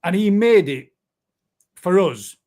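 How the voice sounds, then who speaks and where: Chatty Northern English man, fairly high voice. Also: animated, slow, darkish tone. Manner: chatty, laughs often, broad dialect. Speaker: show host. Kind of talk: casual live-stream chat.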